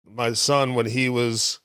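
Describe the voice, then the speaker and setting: A man's voice: mid-range voice, a bit bright, smooth, no room sound, clean studio sound. A man in his fifties, a comedian telling rambling stories as a podcast guest, chuckling between them. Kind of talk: casual interview storytelling.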